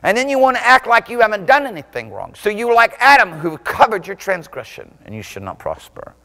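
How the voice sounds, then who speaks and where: A male pastor preaching a sermon with passion. He swings between loud, shouted peaks and low, intense passages. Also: huge pitch swings, brisk.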